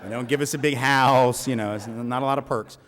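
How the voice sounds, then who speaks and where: A man's voice: medium pitch, fairly even intonation, fairly quick, a bit bright. A man speaking to a live audience at a college event, telling a story conversationally, with frequent restarts and "right?" asides. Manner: conversational, many restarts and tag questions. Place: large lecture hall. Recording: echoey hall reverb.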